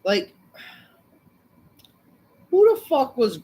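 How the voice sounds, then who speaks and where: A woman with a high voice rants through a wrestling show review, cursing at every turn and repeating her insults. She swings between grumbling and loud shouts. The voice stays high and sharp in its anger. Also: very animated, drawn-out words, husky. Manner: angry, swearing, repeating insults; bursts into shouting. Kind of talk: profane ranting review.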